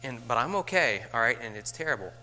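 Man, teacher trainer, bright forceful voice, chatty lecture, frequent okay check-ins, acts out classroom scenes. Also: medium pitch, animated, fast, slight background noise.

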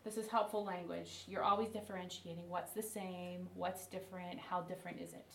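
A woman's voice: on the low side, flat delivery, brisk. A woman teaching a workshop group, chanting rhythmic phrases and showing the motions. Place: classroom with participants. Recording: echoey room, mic from far off, loud noise.

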